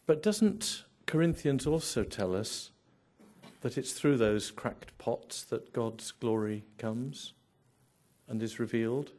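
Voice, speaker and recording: A man's voice: mid-range voice, slow, darkish tone. A man preaching a sermon, emphatic, building through repeated phrases and rhetorical questions.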